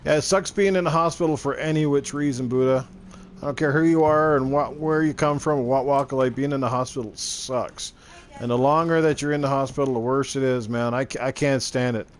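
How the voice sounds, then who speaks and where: A man's voice: medium pitch, steady tone, fairly quick, a little hiss or hum. A middle-aged man chatting casually while streaming a game, rambling and swearing freely. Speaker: gaming streamer. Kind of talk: casual chat while gaming.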